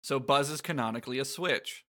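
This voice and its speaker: Brief: man, sarcastic podcast co-host, bright tense voice, casual. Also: medium pitch, brisk. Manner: wry, sarcastic, swears casually. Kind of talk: casual recap chat.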